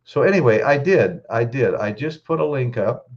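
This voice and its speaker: A man's voice: mid-range voice, lively intonation, normal speed, highs cut off. A man hosting a casual live stream, choked up, greeting viewers in the chat by name and often restarting his sentences.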